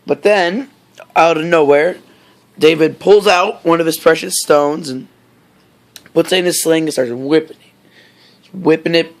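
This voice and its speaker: A man casually retells a story at a slow, unhurried pace, wandering into fillers and side comments as he goes. His voice sits slightly high for a man. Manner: rambling, many fillers and asides.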